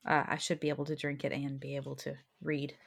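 A woman's voice: rumbling low, completely flat delivery, fast talker, creaky. A woman co-hosting a podcast, chatting casually in an easygoing way with frequent laughter. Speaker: podcast co-host. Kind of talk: casual chat.

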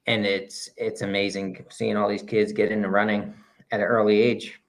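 A man co-hosting a podcast in casual chat, easygoing and pausing often with fillers. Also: on the low side, flat delivery, vocal fry. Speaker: podcast co-host.

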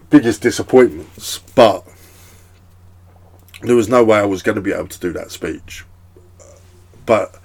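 A young man hosts a relaxed podcast chat, rambling through his thoughts with plenty of fillers and the odd swear word. His voice sits low and has a gravelly, creaky edge. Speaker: podcast host. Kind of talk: casual chat.

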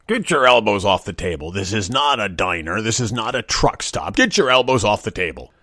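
A man's voice: lowish voice, lively intonation, brisk, bright, forceful tone, dry recording, clean studio sound. A man voicing his stern father scolding children at the dinner table.

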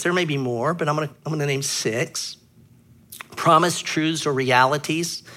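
A pastor preaching a sermon with a bright, forceful tone and a voice pitched a little high for a man. He teaches earnestly and leans hard on the words he wants to land. He clears his throat often between thoughts.

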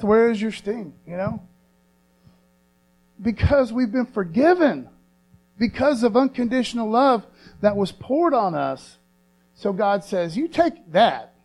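A man preaching a sermon, repeating phrases slowly for emphasis and asking for amens. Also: darkish tone. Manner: call-and-response, asks congregation for affirmation. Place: church sanctuary. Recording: low mains hum.

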